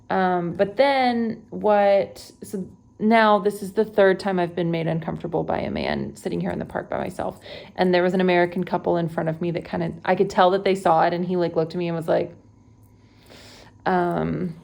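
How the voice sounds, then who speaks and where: A woman's voice: lowish voice, a little mellow. A young woman from Texas, a travel vlogger, retelling an unsettling trip in a casual, conversational way with many fillers and self-corrections. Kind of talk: unedited personal retelling. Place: at home.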